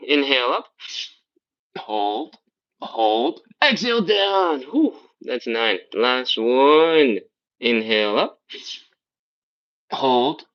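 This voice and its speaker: A man's voice: mid-range voice, lo-fi sound. A man leading a live stretching class, coaching and counting reps aloud in a playful way. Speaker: fitness instructor.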